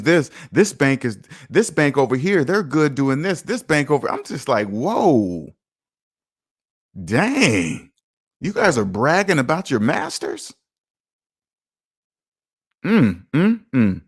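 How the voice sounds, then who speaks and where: Confident, emphatic man on a stream. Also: a little high. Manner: emphatic and self-assured, lively swings in loudness. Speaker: finance channel host. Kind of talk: casual livestream talk reading viewer comments. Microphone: streaming mic.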